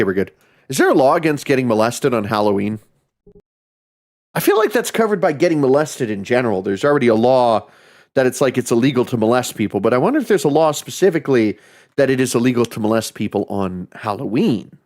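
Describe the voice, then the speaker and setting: Male horror-game streamer, lively swooping delivery, profane and jokey. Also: mid-range voice. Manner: profane, joking, often laughing and reacting loudly. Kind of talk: casual gaming commentary.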